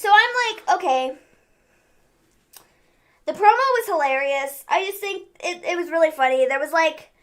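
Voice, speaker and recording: A young woman co-hosting a casual wrestling review stream, animated and acting out quotes. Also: high-pitched. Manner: animated, acts out quotes in exaggerated voices. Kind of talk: casual recap chat.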